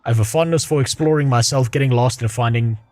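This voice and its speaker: A man's voice: mid-range voice, fast, darkish tone, no room sound, natural voice. A man reading aloud the lines of a cheerful bug mapmaker from a video game. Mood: friendly. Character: chatty male bug mapmaker, cheerful wanderer.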